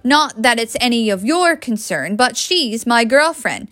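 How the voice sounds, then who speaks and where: A woman voicing a smug, charming young British man with a smooth, taunting manner. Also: a little high, lively intonation, unhurried, a bit bright, no echo, studio quality.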